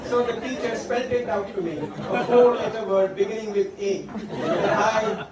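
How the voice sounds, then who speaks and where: A man's voice: sits high, very noisy. A middle-aged man giving a father-of-the-bride speech, telling stories about his daughter and stopping often to say her name. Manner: warm storytelling, pausing to address his daughter by name. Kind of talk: wedding speech. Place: large function hall. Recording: echoey hall from far off, crowd faint. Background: guests laughing.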